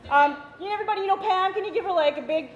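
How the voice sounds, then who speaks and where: A woman hosting a talk show, telling animated stories straight to a live studio audience. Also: extremely high pitch, very fast. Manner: animated, chatty, addresses the audience. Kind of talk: storytelling monologue to a studio audience. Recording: echoey studio with audience noise.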